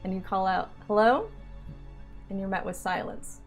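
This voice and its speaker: A woman running a tabletop game as game master, narrating in a steady, self-described monotone voice. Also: medium pitch, moderate pace, soft background music.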